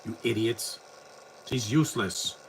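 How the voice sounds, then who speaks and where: A man's voice: on the low side, measured pace, vocal fry, a little hiss or hum, poor audio. A man giving casual, opinionated live commentary while watching a movie, rambling and blunt.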